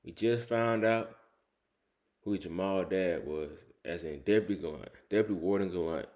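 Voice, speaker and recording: A man hosting a reaction video, greeting viewers with loud, energetic slang. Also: low voice, moderate pace. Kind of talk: casual hype intro.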